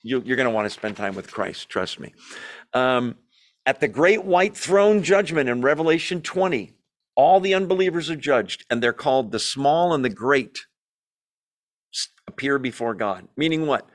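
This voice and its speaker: Guy teaching bible study, chatty and jokey, acts out the quotes, medium pitch. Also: animated, normal speed. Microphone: video call or room mic, class also on Zoom.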